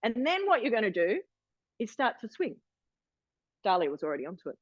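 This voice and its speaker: A woman in her forties guides an online wellness workshop through a video call, her fairly high voice swooping wildly in pitch and moving a little fast. She keeps it chatty and encouraging, with frequent restarts, in a dry, muffled recording.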